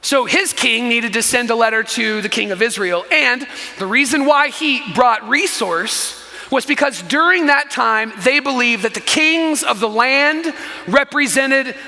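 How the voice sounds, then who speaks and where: A man preaching a sermon as pastor, telling the story in an animated way with frequent asides to the congregation. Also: very high voice, unhurried, big-room sound. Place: church sanctuary.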